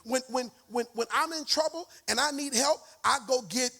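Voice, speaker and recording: A man preaching a sermon in a church with a hoarse voice, talking with the congregation and breaking into sung, shouted phrases. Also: extremely high pitch, moderate pace. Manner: call-and-response preaching, sings and shouts phrases. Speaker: guest preacher. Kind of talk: energetic sermon. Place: church sanctuary.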